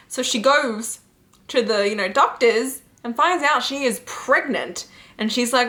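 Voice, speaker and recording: A woman recommending webcomics in a casual chat, retelling plots in an animated way and often saying "like" and "you know". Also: a little high, moderate pace. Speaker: book and webcomic reviewer.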